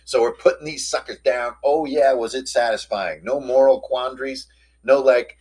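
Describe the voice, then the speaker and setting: A man hosting a casual recap of a tabletop game session, telling it in an animated, slangy way. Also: mid-range voice, moderate pace, breathy edge. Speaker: host.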